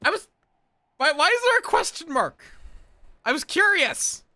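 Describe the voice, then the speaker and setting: A man's voice: extremely high pitch, very animated, measured pace, pushed and bright, no echo. A tired man streaming a game, muttering to himself and thinking aloud as he plays. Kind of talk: casual gameplay commentary.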